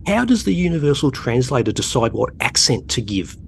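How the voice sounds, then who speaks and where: A man with an Australian accent, co-hosting a podcast in a jokey, animated casual chat. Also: mid-range voice, fairly quick, vocal fry, slight background noise. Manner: jokey, animated, breaks into silly voices. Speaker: podcast co-host.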